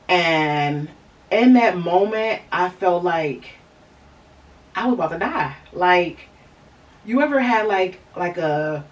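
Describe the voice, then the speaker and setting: Low-voiced woman telling a personal story. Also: distant mic, low-quality recording. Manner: rambling, many fillers and restarts. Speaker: podcast host.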